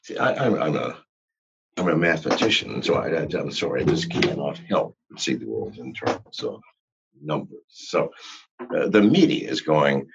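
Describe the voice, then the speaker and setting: A man speaking as a podcast guest, ranting in a profane, animated way. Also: extremely low pitch, moderate pace, creaky, muffled recording, very noisy. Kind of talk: podcast interview.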